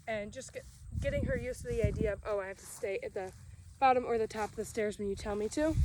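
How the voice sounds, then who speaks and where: A woman dog trainer explaining commands outdoors in a relaxed way, breaking off to give short commands to her dog. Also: fairly high pitch. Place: outdoors in a grassy yard. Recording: outdoor recording with crickets and background noise.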